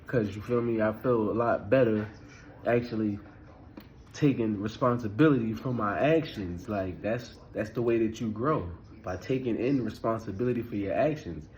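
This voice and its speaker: A man's voice: fairly low pitch, moderate pace, darkish tone, poor audio. Man in his thirties talking loose and casual. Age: 30s. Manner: loose, conversational, keeps asking "you feel me". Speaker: spiritual vlogger. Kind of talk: casual spiritual talk.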